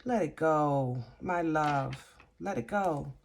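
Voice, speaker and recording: A woman giving a casual tarot reading, halting and gently reassuring, often restarting her sentences. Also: sits low, vocal fry, a little hiss or hum. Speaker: tarot reader.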